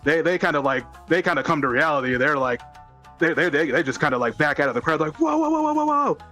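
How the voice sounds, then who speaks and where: A man runs a tabletop game session, his voice bright and forward, his narration loose and full of fillers. Now and then he jumps into high, excited voices for the characters. Soft music plays behind him. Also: quick pace. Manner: rambling, many fillers, bursts into high put-on voices. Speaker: game master.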